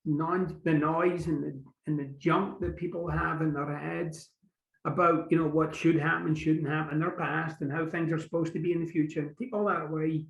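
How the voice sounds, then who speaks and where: A man's voice: fairly high pitch, level tone, normal speed, creaky, reverberant, dull audio. A man with a Scottish accent, a guest author talking casually and animatedly, acting out little quotes as he goes. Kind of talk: casual conversation.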